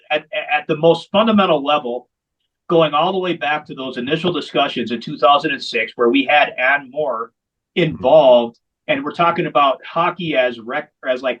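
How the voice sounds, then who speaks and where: A man's voice: fairly high pitch, a bit bright, dull audio. A man who founded a veterans hockey program, telling its story in an interview with candid, emphatic repetition. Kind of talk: long-form interview storytelling.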